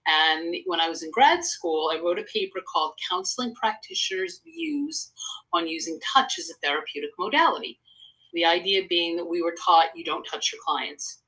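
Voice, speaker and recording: Older lady guest rambling on in a bright punchy voice, earnest, lowish pitch. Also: expressive, normal speed, rough recording. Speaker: guest, psychotherapist and speaker. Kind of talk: casual interview conversation.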